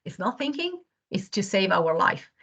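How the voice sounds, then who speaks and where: A woman's voice: mid-range voice, big pitch swings, normal speed, a bit bright, breathy edge. Earnest woman explaining over a call. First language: not English. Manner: earnest, explains with home examples, searches for words. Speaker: webinar guest speaker. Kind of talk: explanatory talk. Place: home. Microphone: video call.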